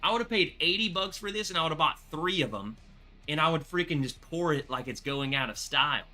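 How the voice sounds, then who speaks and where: A man hosting a casual bourbon livestream, excitable and rambling, thanking viewers by name. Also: on the high side, fairly quick, soft background music.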